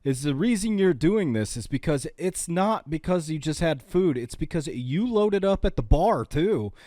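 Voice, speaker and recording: A man with a fairly high, lively voice that swings widely in pitch, co-hosting a casual comedy podcast. He delivers dark jokes in a deadpan way and teases his co-host with quick comebacks. The recording is dry and close. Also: no room sound.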